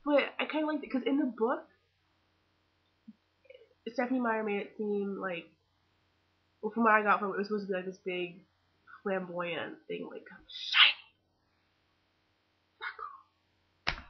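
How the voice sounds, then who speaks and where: A teenage girl gushing about a movie in a casual webcam vlog, excitable and full of fangirl chatter. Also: medium pitch, unhurried, pauses often, slightly rough, lo-fi sound. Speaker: vlogger.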